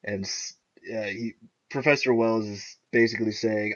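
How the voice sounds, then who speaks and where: A young man co-hosting a podcast in casual chat, excitedly recapping TV episodes and often laughing as he retells scenes. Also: lowish voice, normal speed. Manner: excitable, laughs often, acts out characters' lines. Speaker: podcast co-host. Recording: dull lo-fi recording.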